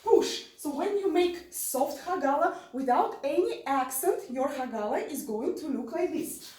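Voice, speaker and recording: A woman's voice: high voice, animated, moderate pace, a little mellow. A woman teaching an online dance lesson, counting beats aloud and repeating her cues. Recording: roomy sound from far off.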